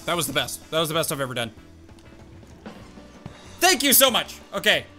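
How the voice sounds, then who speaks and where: High, lively young man playing a game. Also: moderate pace, soft background music. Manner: animated, exclaims and laughs at the game. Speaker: gaming YouTuber. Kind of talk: excited gameplay commentary.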